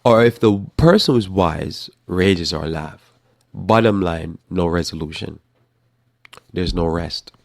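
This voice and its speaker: A man giving conversational Bible teaching on a live talk program, animated, acting out scenes with sudden loud bursts. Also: low-pitched, takes it slowly, vocal fry, no echo, studio quality.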